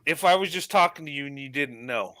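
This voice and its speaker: A man's voice: medium pitch, expressive, fast talker, sharp tone, no echo. A man from New Mexico in casual chat, often stalling and repeating words as he searches for them. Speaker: chat participant.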